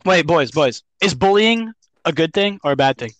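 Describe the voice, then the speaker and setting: A man's voice: a little high, animated, moderate pace, a bit bright, dry recording, low-quality recording. A teenage young man chatting casually with friends as a podcast guest, teasing and joking.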